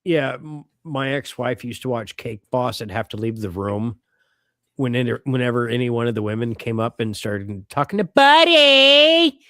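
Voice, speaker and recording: A middle-aged man co-hosting a podcast in casual chat, animated and quick to swear and laugh. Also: mid-range voice, no room sound, studio quality. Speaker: podcast co-host.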